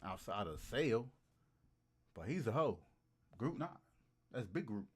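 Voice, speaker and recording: A man livestreaming and riffing comically to his chat, animated and hyped, repeating lines for laughs. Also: lowish voice, a little slow, husky. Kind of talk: casual comedic riffing to a live chat.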